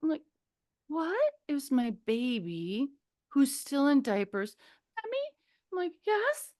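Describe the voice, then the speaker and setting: A middle-aged woman from Minnesota, a podcast guest telling a personal story in a rambling, animated way, often searching for words and acting out quotes. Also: high voice, takes it slowly. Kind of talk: casual storytelling.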